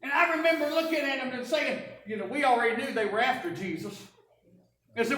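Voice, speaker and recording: A woman preaching a first-person dramatic sermon, telling the story in an animated, wry way. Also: on the high side, quick pace. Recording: echoey church from a distance.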